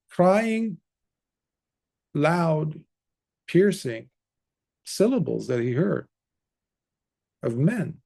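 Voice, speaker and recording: Slow, animated monk telling a story. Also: male voice, a little high, vocal fry, breathy edge. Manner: animated, conversational storytelling with asides. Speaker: Buddhist monk. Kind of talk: storytelling dharma talk.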